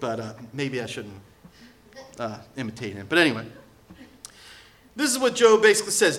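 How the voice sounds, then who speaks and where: A male pastor delivering a sermon, lively and sarcastic, acting out the people he quotes. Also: mid-range voice, moderate pace, pauses often. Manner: animated, sarcastic asides, acts out quoted voices.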